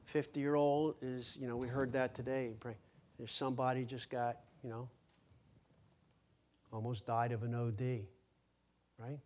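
A man's voice: mid-range voice, level tone, unhurried, long pauses, a little mellow. A man preaching a sermon as pastor, emphatic, repeating words and asking the congregation questions. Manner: emphatic, repeats words when stressing a point.

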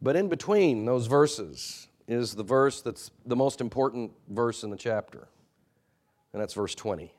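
Man preaching with dramatic loud-soft swings. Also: animated, measured pace. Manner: dynamic preaching that swings between loud emphatic peaks and quiet low asides; earnest, admonishing. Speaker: pastor. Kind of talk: sermon.

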